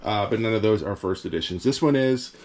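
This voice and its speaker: A man's voice: on the low side, animated, fairly quick, a little mellow. Chill canadian guy talking resale stuff out in his shed, kinda rambly, lots of ums. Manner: easygoing, rambling, frequent fillers. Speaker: reseller vlogger. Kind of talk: casual vlog chat. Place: cold backyard shed with heater.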